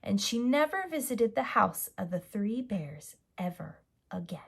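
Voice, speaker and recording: A preschool teacher, a woman, reading a storybook aloud to young children in an expressive, gentle way. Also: medium pitch, measured pace, gravelly, slightly rough.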